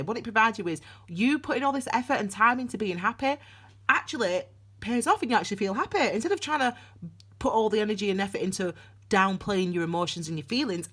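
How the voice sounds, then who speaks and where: Chatty woman with a lively voice. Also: mid-range voice, breathy edge. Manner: chatty, laughing, rambling with restarts. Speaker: tarot reader. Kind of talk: casual tarot reading to camera. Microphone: camera on desk.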